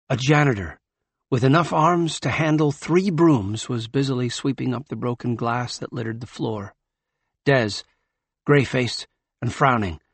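Husky male audiobook narrator. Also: medium pitch, no room sound. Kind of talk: scripted narration.

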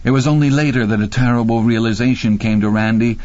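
A man narrating a horror audiobook in a measured, grim, deliberate way. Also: mid-range voice, a little mellow, no room sound. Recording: dry, slightly muffled studio read.

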